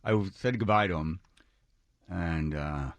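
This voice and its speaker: A man's voice: low voice, measured pace, no room sound. A man hosting a radio talk show, telling a personal story and acting out what others said. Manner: animated, acts out quotes of others. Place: radio studio.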